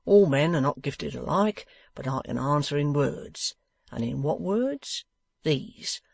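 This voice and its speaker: A man reading as a scheming old-fashioned ballad-seller, oily and grandiloquent, drawing out his words for effect. The voice carries a gravelly edge, and the sound is close and dry. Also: a little high, animated, a little slow, no room sound. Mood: pompous. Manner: grandiloquent, theatrical, oily affability. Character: scheming, wheedling one-legged male ballad-seller. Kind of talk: audiobook character voice.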